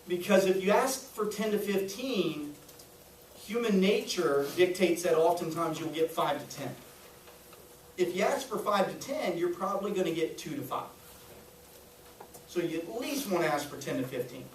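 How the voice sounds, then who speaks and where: A man with a high voice teaches sales to a roomful of trainees, cracking jokes and checking in after nearly every point. He sounds far from the mic in an echoey room, with faint noise behind him. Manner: jokey, keeps checking in with "right?". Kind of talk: training lecture to a group.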